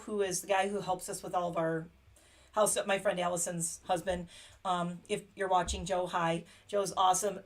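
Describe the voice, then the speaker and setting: A middle-aged woman from Pennsylvania, hosting a casual livestream chat, rambling and laughing often. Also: medium pitch. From Pennsylvania, USA. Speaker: livestream host.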